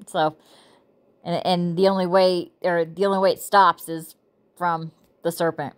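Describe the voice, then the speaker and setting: A woman's voice: on the low side, level tone, a little slow. A woman reading scripture and a devotional book aloud, with frequent self-corrections and playful, giggly asides.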